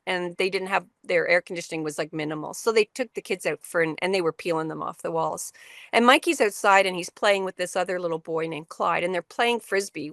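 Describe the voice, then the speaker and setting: A middle-aged woman presents a workshop to educators on a video call, telling a story conversationally with frequent restarts and fillers. Her voice is lowish with a fairly bright tone, in a dry, studio-quality recording.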